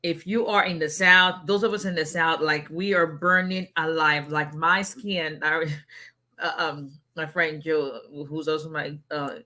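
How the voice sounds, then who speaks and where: A middle-aged woman from Africa, an immigration lawyer hosting a casual livestream, chatty and quick to laugh as she digresses. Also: low voice, fairly even intonation, pushed and bright.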